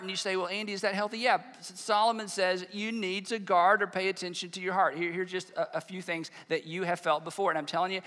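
A man's voice: sits high, sharp tone. A man preaching a sermon as a pastor, conversational and acting out little dialogues. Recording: reverberant hall.

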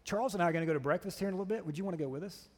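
A man playing a friendly, relaxed famous athlete, speaking softly in a sermon. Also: sits high, racing, big-room sound.

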